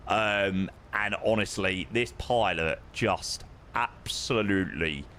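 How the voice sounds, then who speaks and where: A man's voice: on the low side, slow, pushed and bright, slight background noise. A young man casually chatting with his live-stream viewers while flying a sim, matey and greeting people by name.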